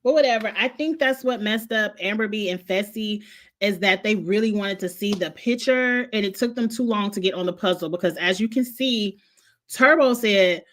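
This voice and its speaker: A woman's voice: mid-range voice, brisk, fairly bright tone. Blunt, opinionated woman host. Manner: blunt, opinionated, swears freely. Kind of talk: casual reality TV recap.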